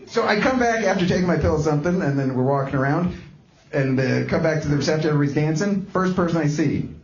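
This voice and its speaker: A man's voice: fairly high pitch, expressive, fast, reverberant, dull audio. A man doing live stand-up comedy with a guitar, telling a story in rambling bursts full of restarts. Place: small comedy club.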